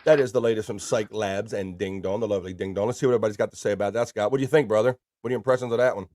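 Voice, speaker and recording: A man hosting a casual live stream, reading viewer comments aloud with playful shout-outs. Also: on the low side, steady tone, very fast, dry recording. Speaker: livestream host.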